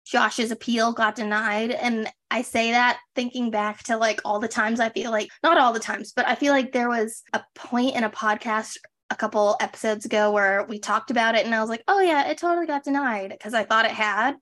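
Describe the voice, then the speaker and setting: Young woman cohosting a podcast, kinda high voice, rambly and chatty. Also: flat delivery, moderate pace, fairly bright tone. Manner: chatty, trails off and restarts, lots of "like". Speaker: podcast co-host. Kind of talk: casual chat.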